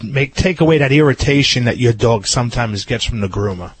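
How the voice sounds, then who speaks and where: A man who is a pet groomer and a regular on a radio show, explaining things in a relaxed, rambling way. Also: medium pitch, fairly quick, slightly rough, no echo. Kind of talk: casual radio chat.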